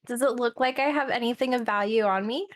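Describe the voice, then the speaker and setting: A woman speaks as her character in a tabletop game, pushing and bargaining hard for what she wants. Her voice sits high. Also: fairly quick. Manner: pushy, bargaining. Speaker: player.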